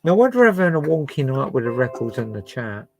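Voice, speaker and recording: A man's voice: medium pitch, very animated, a little fast, darkish tone. A man chatting and musing as host of a livestream where he plays records. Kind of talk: casual chat to a live chat.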